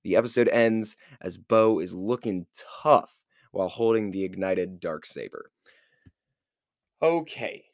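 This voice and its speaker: A low-voiced man hosts a podcast and recaps an episode in a loose, rambling way. He leans on filler words as he talks. The sound is dry and close to the mic. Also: no room sound. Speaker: podcast host.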